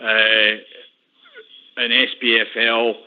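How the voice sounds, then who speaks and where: A man's voice: mid-range voice, monotone, takes it slowly, clean tone. A Scottish man calling in to a radio phone-in show, chatty and repeating himself. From Scotland. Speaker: caller. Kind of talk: phone-in chat. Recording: tinny phone line.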